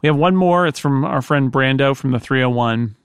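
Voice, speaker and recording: Gravelly, dry-sounding man hosting a podcast. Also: mid-range voice, fairly quick, no room sound. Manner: animated, mimics accents when quoting. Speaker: podcast co-host reading listener mail. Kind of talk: casual podcast chat.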